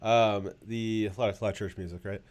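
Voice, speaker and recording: A man's voice: on the low side, steady tone, fast talker, a little mellow. A man hosting a casual political talk show, rambling with many fillers and a sarcastic edge. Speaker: show host.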